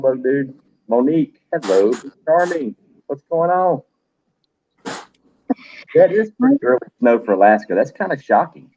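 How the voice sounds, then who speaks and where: A man's voice: a little high, narrow, tinny audio, a little hiss or hum. A middle-aged man hosting a livestream, chatting loosely, cursing now and then and greeting viewers by name. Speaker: livestream host. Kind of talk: casual livestream chat.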